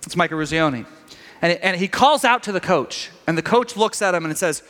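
A middle-aged man preaching a sermon, telling a story with animated quoted voices. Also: high-pitched, normal speed. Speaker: pastor. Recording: long reverb of a large hall.

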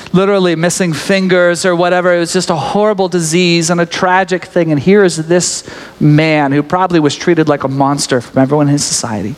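Male pastor telling bible stories casually, jokey, bit high voice. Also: smooth. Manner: chatty and joking, with restarts and laughs. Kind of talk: casual storytelling sermon. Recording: echoey hall reverb.

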